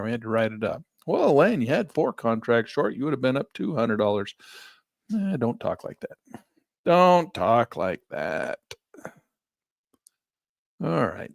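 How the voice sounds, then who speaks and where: A man's voice: mid-range voice, vocal fry, no room sound, clean studio sound. A man on a headset mic teaching a live trading lesson, chatting and thinking aloud as he works through charts. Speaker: trading instructor. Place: small office near a parking lot.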